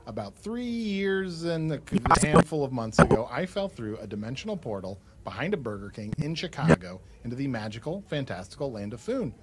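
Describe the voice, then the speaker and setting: Flustered, lively man hosting a comedy podcast. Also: mid-range voice, very noisy. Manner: earnest, flustered, stumbling. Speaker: podcast host.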